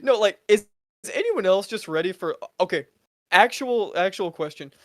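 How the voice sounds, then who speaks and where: A playful young male podcast co-host, cracking jokes in an easy chatty way. His voice sits at a middle pitch and is heard dry and close. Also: animated, normal speed, fairly bright tone, dry recording. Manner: joking, playful. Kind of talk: casual chat.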